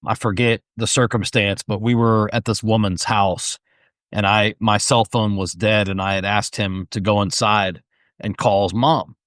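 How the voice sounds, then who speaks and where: A middle-aged man in casual podcast conversation, easygoing and quick to agree with the other speaker. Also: on the low side, fairly even intonation, fairly bright tone, no room sound, clean studio sound. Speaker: podcast co-host or guest. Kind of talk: casual chat.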